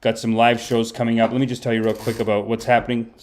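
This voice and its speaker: A man's voice: mid-range voice, flat delivery, quick pace, hardly any pauses, slight background noise. A man hosting a comedy livestream, rambling in mock-sermon style and correcting himself as he goes. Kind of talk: mock-guru livestream banter. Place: home streaming setup.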